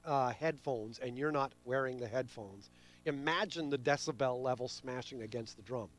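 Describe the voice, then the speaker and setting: A man on a radio talk show explaining how hearing works, animated and given to acting out sounds with his voice. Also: medium pitch, moderate pace. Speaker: hearing expert guest.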